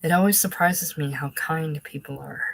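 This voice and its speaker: A woman reading aloud voicing a gentle, placating young man. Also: low-pitched, moderate pace, creaky. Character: earnest young man, a soothing seminary graduate.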